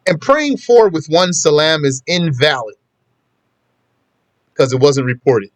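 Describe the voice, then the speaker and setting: A man's voice: fairly high pitch, sing-song, unhurried, dry recording. A man teaching a casual religious lesson, talking conversationally and repeating his points for emphasis. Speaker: Islamic teacher.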